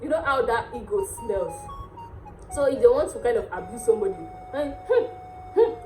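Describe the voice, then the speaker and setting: A woman's voice: a little high, animated, dark tone. Playful Nigerian woman teaching words. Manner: playful, repeats words slowly, laughs often. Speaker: dialect teacher and channel host. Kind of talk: casual language lesson to camera. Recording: echoey room with faint music.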